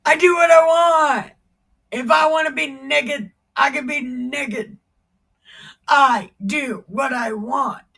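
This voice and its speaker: A woman's voice: high-pitched, slow pace, vocal fry, a bit bright, far from the mic, voice pushed up, full character voice. Woman playing a brash, defiant king. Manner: brash, stubborn. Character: defiant boastful king, a man.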